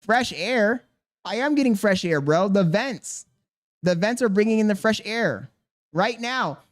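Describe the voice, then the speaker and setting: A man's voice: high-pitched, animated, a little slow. Defensive rambling male streamer. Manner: defensive, rambling, questioning his chat. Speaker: livestreamer. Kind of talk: casual livestream chat.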